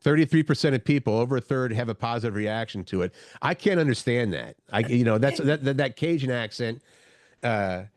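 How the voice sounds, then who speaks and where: A man's voice: mid-range voice, expressive, fairly quick, no echo. A man co-hosting a morning show, chatting casually and searching for his words as he rambles along. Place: radio studio.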